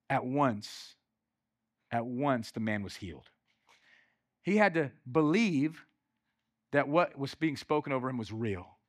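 Give me an emphatic male pastor with a bright, ringing voice, dry and close. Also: mid-range voice, dry recording. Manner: emphatic, repetitive, swings from loud to hushed. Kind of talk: sermon.

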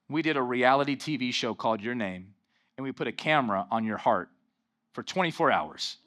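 Bright-toned animated preacher man. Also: on the high side. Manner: animated preaching with call-and-response "amen". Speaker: pastor. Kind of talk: sermon.

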